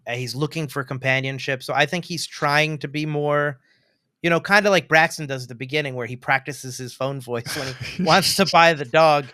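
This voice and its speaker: A man co-hosting a casual film review podcast, animated and quick to act out lines from the movie. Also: on the high side, dry recording, clean studio sound. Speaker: podcast co-host.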